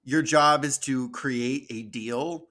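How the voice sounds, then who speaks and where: A man's voice: medium pitch, steady tone, slow, bright, forceful tone. A man hosting a podcast in casual chat, joking and laughing at his own jokes. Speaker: podcast host.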